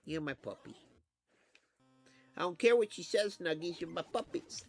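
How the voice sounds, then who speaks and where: A man's voice: on the high side, lively intonation, normal speed, vocal fry, faint music behind, voice pushed up. A man doing a doting, sing-song baby-talk voice as he coos at his little dog.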